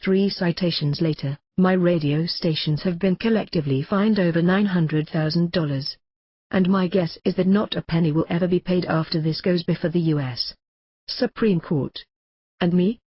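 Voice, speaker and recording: A brash man narrates his own memoir in a mocking, combative rant. His voice is husky and the sound is bone-dry. The recording is a little dull and muffled. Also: high voice, fairly even intonation, moderate pace, no echo. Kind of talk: audiobook narration in a ranting radio voice.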